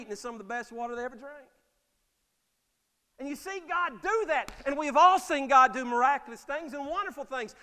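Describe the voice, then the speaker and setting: A high-pitched man preaching, his voice ringing bright and forceful through a church sanctuary with a long trailing reverb. He keeps asking the congregation "Amen?" and acts out the voices of people in his stories. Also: smooth. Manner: preaching with call-and-response "Amen?" and acted-out quotes. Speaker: pastor. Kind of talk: sermon.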